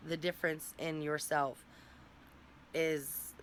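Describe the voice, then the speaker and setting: A woman's voice: low voice, flat delivery, slow, a little hiss or hum. A young woman talking candidly and emotionally in a personal vlog, rambling and close to tears at times. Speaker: vlogger.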